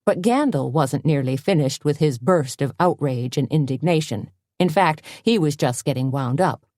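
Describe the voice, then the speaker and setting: Low, mellow woman narrating a mystery. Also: animated, moderate pace, no echo, clean studio sound. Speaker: audiobook narrator. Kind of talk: scripted narration.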